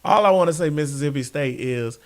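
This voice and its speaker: A man's voice: fairly high pitch, fairly quick. A man co-hosting a sports podcast in casual, joking banter, breaking into songs and impressions. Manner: joking, sings and does impressions. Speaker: podcast co-host.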